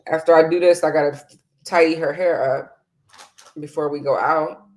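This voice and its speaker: A woman's voice: deep voice, steady tone, normal speed, a little mellow. A woman vlogger chatting casually through a makeup tutorial, reading out viewer comments and laughing often. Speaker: beauty vlogger.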